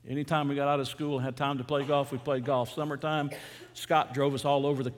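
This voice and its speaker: A man's voice: mid-range voice, flat delivery, quick pace, in a large hall. A middle-aged man from Atlanta, preaching a sermon as a pastor in a conversational, storytelling way with fervent emphasis. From Atlanta, USA.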